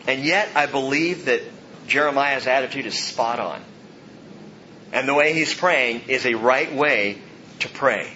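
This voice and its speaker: A man's voice: mid-range voice, expressive, a little slow, sharp tone, slight background noise. A man preaching a verse-by-verse sermon, rising and stressing each quoted line of scripture. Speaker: pastor. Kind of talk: expository sermon. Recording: slightly dull sound, faint ambience.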